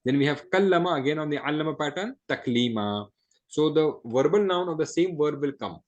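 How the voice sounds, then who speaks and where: A man teaching an Arabic grammar lesson, explaining step by step, checking in with "right?" and reciting Arabic phrases quickly between slower English explanations. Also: a little high, expressive, darkish tone, lo-fi sound. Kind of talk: classroom lesson.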